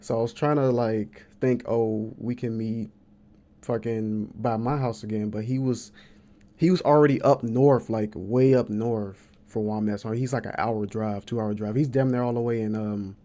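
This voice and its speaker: Animated young man telling a story, mellow voice. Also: normal speed. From American Midwest. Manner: animated storyteller, acts out quotes with big pitch jumps. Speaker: podcast host. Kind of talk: casual storytelling chat.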